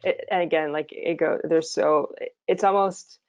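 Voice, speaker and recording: A woman's voice: deep voice, fairly even intonation, a little slow, darkish tone, no echo. A woman hosting a webinar over a video call, a practitioner who speaks earnestly and often restarts her sentences. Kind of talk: webinar conversation.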